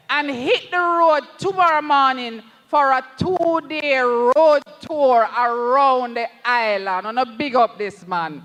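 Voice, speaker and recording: At a campaign rally, a political candidate with a bright, high-pitched Jamaican voice speaks with fervor, unhurried and deliberate. Impassioned, he calls the crowd his comrades and slips into patois to rally them, while the rally PA adds a long, ringing reverb.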